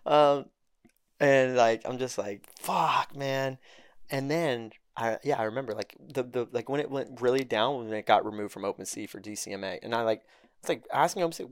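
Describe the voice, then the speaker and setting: Swearing freely, this young podcast guest spins a casual story and performs the voices of everyone he quotes with lively energy. His mid-range voice moves fairly quickly and sounds clean, captured in a dry, clean studio recording.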